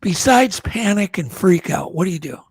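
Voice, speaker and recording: High-voiced husky male podcast host. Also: expressive, normal speed, dry recording. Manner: probing, joking questions. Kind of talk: casual interview.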